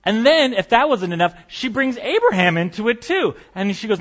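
Man preaching, slightly high voice. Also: very animated, moderate pace, few pauses, a bit bright, muffled recording. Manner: conversational and storytelling, with light humor. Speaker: pastor. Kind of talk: sermon.

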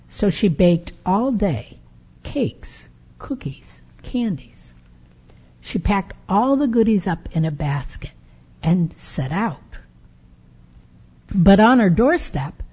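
A woman tells a story aloud during a sermon, slow and dramatic. Her voice rises and falls a lot, with a mellow, husky tone. The recording is dull and lo-fi. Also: on the low side, lively intonation. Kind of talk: expressive read-aloud storytelling.

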